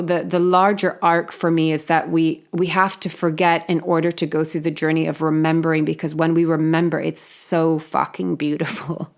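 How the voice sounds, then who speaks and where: A woman giving a reflective monologue on healing, talking earnestly and casually, with frequent fillers and the odd swear word. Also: on the low side. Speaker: spiritual healing host.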